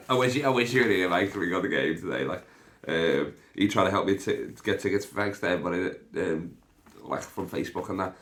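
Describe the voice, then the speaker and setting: Young man, low voice, rambling sweary podcast host. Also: animated, a little fast, fairly bright tone. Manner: sweary, laughs often, jumps between topics. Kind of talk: rambling casual chat.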